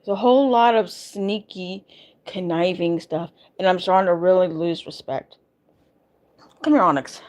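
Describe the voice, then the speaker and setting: A woman's voice: fairly low pitch, steady tone, normal speed, warm tone. A woman vlogger venting in a casual, emphatic way, repeating herself as she rants. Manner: emphatic, exasperated ranting with repetitions.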